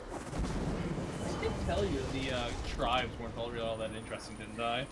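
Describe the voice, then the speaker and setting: A man's voice: medium pitch, animated, moderate pace, heavy background noise. A man on a voice call with a friend who is gaming, teasing and matter-of-fact. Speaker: friend on voice chat. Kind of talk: casual gaming banter.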